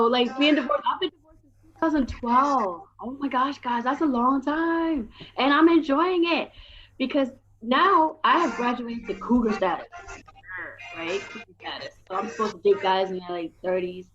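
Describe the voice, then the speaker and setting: A woman's voice: fairly high pitch, a bit bright. A woman in her forties doing brash, raunchy stand-up comedy with punchy delivery. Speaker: stand-up comic. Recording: slightly dull recording with faint noise.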